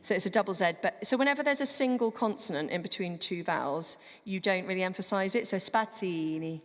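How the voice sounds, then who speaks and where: A woman's voice: medium pitch, quick pace. A woman director coaching a choir in a church, chatty and breaking words down to demonstrate how to pronounce them. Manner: chatty, demonstrates pronunciation word by word. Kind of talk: rehearsal coaching. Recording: long hall reverb.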